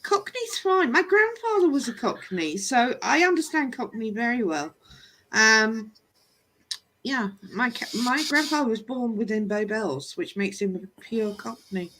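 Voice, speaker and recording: Woman co-host, lively and chatty, swooping intonation, keeps slipping into accent impressions. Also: on the high side, unhurried. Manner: chatty, laughs often, mimics regional accents. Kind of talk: casual chat on a live stream.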